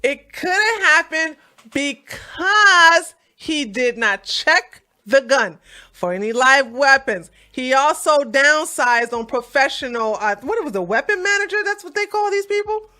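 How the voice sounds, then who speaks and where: Woman host, reaction commentary, sassy and mocking, high swooping voice. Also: lively intonation, a little slow, sharp tone.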